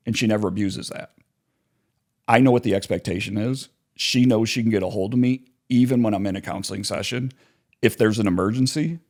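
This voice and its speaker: A male author and counselor appears as a guest in a podcast interview, his voice lowish with a darkish tone. He explains his ideas and acts out both sides of everyday arguments.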